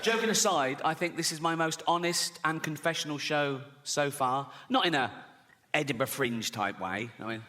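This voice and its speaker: A man's voice: fairly high pitch, animated, normal speed, bright, forceful tone. An English man in his sixties doing stand-up comedy, telling stories conversationally with frequent "right?" asides to the audience. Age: 60s. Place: large theater with audience. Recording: live theater recording with long hall reverb and audience. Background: audience laughter.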